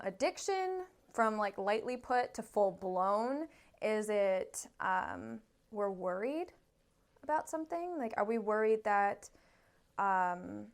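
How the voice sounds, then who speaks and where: A woman therapist talking casually on a podcast, acting out quotes from clients and kids in an animated way and swearing freely. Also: medium pitch. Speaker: therapist guest.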